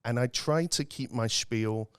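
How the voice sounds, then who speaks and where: A man with a British accent chatting casually as a podcast co-host, easygoing and quick to laugh. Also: mid-range voice, fairly bright tone, clean tone, no room sound, studio quality. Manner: easygoing, laughs easily, rambling when put on the spot. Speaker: podcast co-host, real estate agent.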